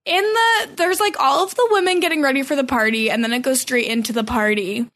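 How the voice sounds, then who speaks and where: A woman's voice: high voice, a little fast. A woman co-hosting a podcast, chatting casually through a recap, laughing often and acting out quotes. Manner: laughs often, quotes people in animated bits. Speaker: podcast co-host.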